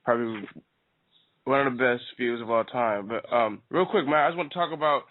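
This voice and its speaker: A man's voice: medium pitch, brisk. Laid-back male radio host, tinny sound. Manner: laid-back, casual, swears freely. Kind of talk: casual radio show chat. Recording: dry, tinny phone-quality sound.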